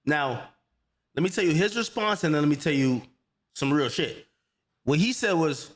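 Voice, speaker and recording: A man hosting a livestream, telling a heated story in an animated, profane, repetitive way. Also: on the high side, normal speed, long pauses. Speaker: livestream host.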